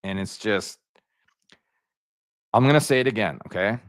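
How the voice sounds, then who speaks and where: A man hosting a casual livestream, rambling and slangy, jumping up in pitch when he gets excited. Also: normal speed, dry recording, clean studio sound. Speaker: YouTube livestream host.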